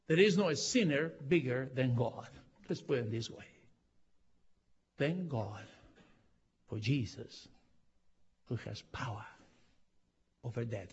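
A man pastor preaching a sermon, impassioned, with non-native phrasing, rising to loud cries. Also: medium pitch, expressive, slow, long pauses, husky, lo-fi sound. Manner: impassioned, swelling to loud cries on key lines. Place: church auditorium.

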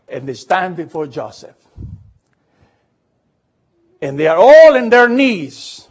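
A man preaching a sermon and retelling a Bible story in a lively storytelling way, often asking the congregation questions. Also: sits high, slightly rough, muffled recording.

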